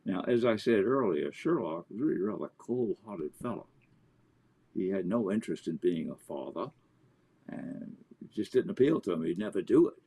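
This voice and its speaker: A man, an author and interview guest, telling anecdotes in an animated way. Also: deep voice, normal speed, breathy edge. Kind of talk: storytelling in an interview.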